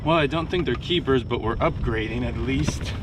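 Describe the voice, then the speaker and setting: A man's voice: medium pitch, normal speed, recorded from a distance. A man hosting a fishing channel, talking casually and thinking aloud on a small boat at sea. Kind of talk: casual on-the-spot vlogging. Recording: windy outdoor mic, speaker off-mic.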